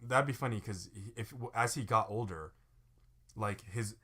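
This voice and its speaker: A man's voice: lowish voice, normal speed, a bit bright, slightly rough. A young man co-hosting a comedy podcast, chatting casually in a playful, rambling way full of fillers. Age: young adult. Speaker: podcast co-host.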